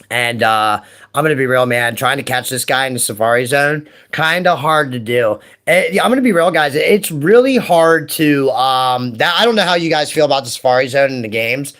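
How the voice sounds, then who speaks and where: Thirty-something guy rambling and getting hyped over his cards, says dude and man a lot. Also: mid-range voice. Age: 30s. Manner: rambling, excitable, lots of fillers and "dude" and "man". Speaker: card-opening video host. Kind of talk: casual chat while opening cards.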